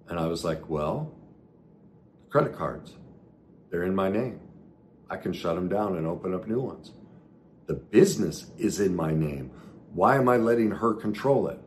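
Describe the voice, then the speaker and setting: Casting: deep-voiced middle-aged male life coach, emphatic and earnest, faint room hum behind. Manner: earnest, emphatic, swings between loud and soft. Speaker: self-help speaker. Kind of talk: motivational talk to followers.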